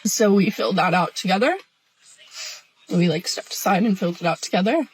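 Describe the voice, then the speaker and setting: A woman in a tearful, halting, emotional confessional vlog. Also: mid-range voice, a little hiss or hum, low-quality recording. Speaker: social media poster.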